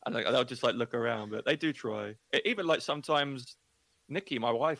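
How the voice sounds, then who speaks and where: English guy from luton, chatty storyteller, mid pitch, dry close sound. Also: fast talker, creaky, no room sound. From England. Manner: chatty, animated storytelling with quoted voices. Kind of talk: casual chat.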